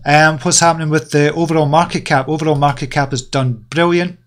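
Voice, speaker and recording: A man's voice: a little high, fairly even intonation, fairly quick. A man hosting a live crypto market stream, chatting casually and reading out viewer comments, upbeat and enthusiastic, rambling with plenty of fillers. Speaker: crypto channel host.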